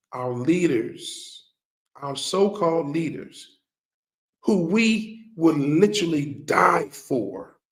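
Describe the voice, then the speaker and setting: A middle-aged man speaks in an impassioned, sermon-like monologue. His voice sits fairly high for a man, and he talks slowly, leaning hard on each phrase. He repeats his key lines and keeps throwing questions at the listener. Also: fairly bright tone. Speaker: firearms trainer.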